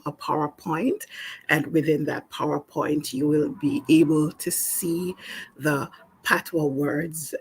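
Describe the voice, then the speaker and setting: A woman from Jamaica teaching a spoken language lesson in a calm, explanatory way, with small restarts. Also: low-pitched, gravelly, breathy edge.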